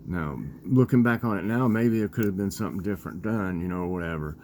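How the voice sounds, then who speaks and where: Deep-voiced older man telling a story. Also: darkish tone, slight background noise. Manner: rambling, halting, with many fillers. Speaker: vlogger. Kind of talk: casual storytelling vlog.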